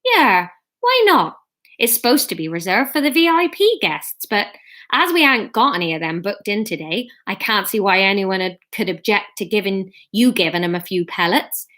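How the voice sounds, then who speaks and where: A woman's voice: mid-range voice, very animated, normal speed, fairly bright tone. A woman voicing a chatty male zoo keeper with a Bristolian accent. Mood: friendly.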